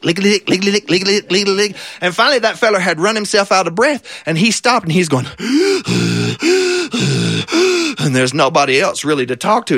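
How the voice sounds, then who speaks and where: A man's voice: sits high, pushed and bright, no echo. A man from Kentucky telling folk tales with a Southern Kentucky drawl in a folksy, drawling way. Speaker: storyteller. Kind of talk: folk tale storytelling.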